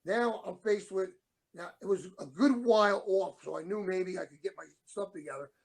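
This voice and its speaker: A middle-aged man with a high, gravelly voice, telling long rambling stories in a casual way. He acts out the other people's lines as he goes. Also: normal speed. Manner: rambling anecdotes, acts out quoted dialogue. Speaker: show co-host, former wrestler. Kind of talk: casual storytelling.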